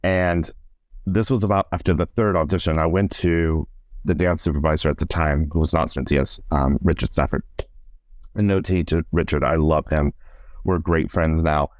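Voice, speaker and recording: A man's voice: rumbling low, steady tone, normal speed, no room sound, studio quality. A middle-aged man, a stage performer, chatting animatedly in an interview and retelling moments with acted-out quotes and lots of "like". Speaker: guest, stage performer and director. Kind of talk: casual podcast interview storytelling.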